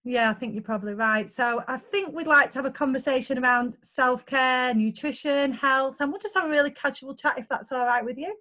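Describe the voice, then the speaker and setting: Bright high Manchester woman host. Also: a little fast, hardly any pauses. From North Manchester, England. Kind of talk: casual video call chat.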